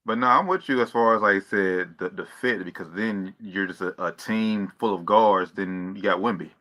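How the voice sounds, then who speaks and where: Bright-voiced man, halting. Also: fairly low pitch. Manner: halting, restarts often, casual. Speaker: podcast co-host. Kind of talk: casual sports talk.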